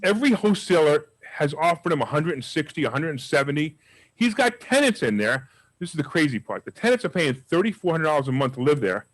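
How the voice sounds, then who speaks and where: Fast-talking, energetic male instructor. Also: fairly high pitch, no echo, poor audio. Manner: energetic, emphatic storyteller. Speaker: real estate investing instructor. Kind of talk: live class with questions.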